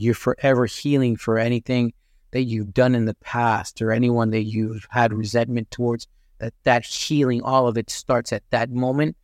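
A man speaks as a podcast guest with a mid-range pitch. He tells his story earnestly and reflectively, often restarting phrases. The recording is dry and close, with no room echo. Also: a little mellow. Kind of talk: conversational storytelling.

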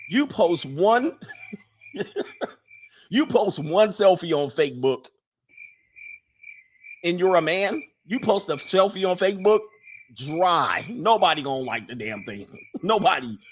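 A man livestreaming a casual, sarcastic rant, swearing, laughing often and mocking others in a high voice. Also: lively intonation, a little slow, long pauses, slight background noise. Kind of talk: casual ranting monologue.

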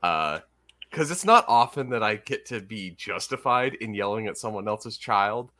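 Podcast co-host, male, animated storyteller, bright tone. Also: on the low side, moderate pace. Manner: animated storyteller, laughs often. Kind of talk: casual chat.

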